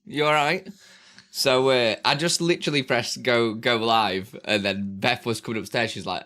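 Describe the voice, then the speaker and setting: A British man with a medium-pitched, sharp voice and lively intonation chats casually on a live stream at a normal speed. He sits close to a desk mic in his small room at home, laughing often, being playful, and slipping into sing-song baby talk.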